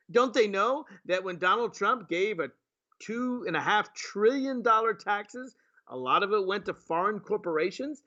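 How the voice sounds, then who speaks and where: A man's voice: sits high, animated, unhurried, bright, forceful tone. A male talk radio host from Virginia, doing political commentary with sarcastic, indignant rhetorical questions. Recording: muffled lo-fi broadcast audio.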